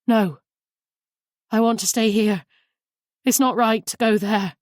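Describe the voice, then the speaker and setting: A woman's voice: fairly high pitch, measured pace, a little mellow, dry recording, studio quality, pitched above the performer's own voice, close to an everyday voice. A woman reader voicing a fragile, guilt-ridden woman who pleads and confesses through tears. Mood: panicked. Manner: tearful, pleading, emphatic.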